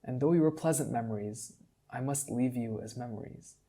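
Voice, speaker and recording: A grieving male wizard says his farewells in a hushed, emotional voice in a fantasy storybook reading, as a male narrator takes his part. The tone is dark and mellow with a husky edge. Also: mid-range voice, moderate pace, natural voice. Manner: quiet and choked with emotion.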